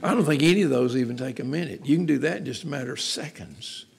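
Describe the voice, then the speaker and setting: A man's voice: mid-range voice, fast talker, creaky. A man preaching a sermon in an earnest, conversational way, repeating phrases for emphasis. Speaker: pastor.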